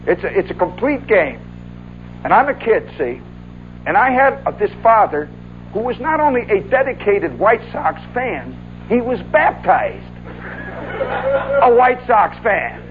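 A man telling a long story in an animated, folksy way, often adding "see" and "oh, yeah". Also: high-pitched, unhurried, long pauses, phone-quality sound, soft background music. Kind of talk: spoken monologue recollection.

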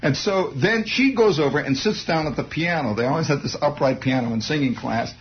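Male storyteller with a fairly high voice and a dull, lo-fi sound, rambling through a childhood tale. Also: brisk, slight background noise. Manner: rambling, digressive, wry asides. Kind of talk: comic storytelling monologue. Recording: dull lo-fi recording.

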